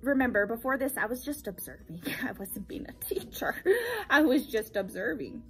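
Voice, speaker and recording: A young woman and teacher, telling her story casually in a vlog, animated and repeating phrases for emphasis. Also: fairly high pitch, normal speed, soft background music.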